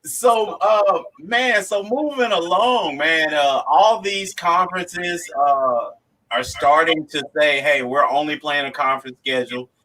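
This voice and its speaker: A man's voice: fairly high pitch, unhurried, sharp tone, low-quality recording. A man co-hosting a casual sports talk show, easygoing with a drawl. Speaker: co-host.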